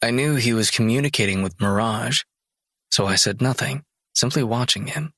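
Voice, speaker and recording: Man narrating an audiobook, bright and breathy. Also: medium pitch, normal speed, no echo, clean studio sound. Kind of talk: first-person audiobook narration.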